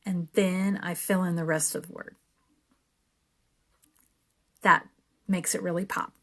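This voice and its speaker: A woman casually explaining her journaling steps as she works, now and then slowly reading verses aloud. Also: fairly low pitch. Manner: relaxed, chatty, reads verses aloud slowly. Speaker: creator. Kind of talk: casual craft tutorial narration.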